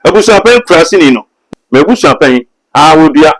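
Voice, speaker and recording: A man, a prophet speaking as a guest on a talk show, excitable and laughing easily like a preacher. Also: fairly high pitch, quick pace, a crowd in the background, low-quality recording.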